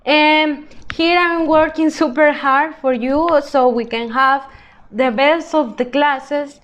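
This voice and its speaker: Woman, English teacher; high voice, unhurried, models words slowly for children. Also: steady tone, fairly bright tone. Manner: slow and patient, drawing out example words. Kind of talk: recorded grammar lesson for children.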